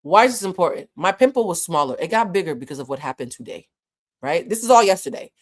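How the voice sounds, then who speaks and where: A woman's voice: on the low side, animated, quick pace. Blunt, profane woman telling a story. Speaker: vlogger. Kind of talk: casual storytelling.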